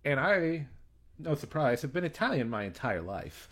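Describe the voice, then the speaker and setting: Host: American man, bright tone, lively swinging delivery, laughs a lot and swears casually. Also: medium pitch, moderate pace. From United States. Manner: animated, swearing, laughing storyteller. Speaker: podcast host. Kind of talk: casual chat.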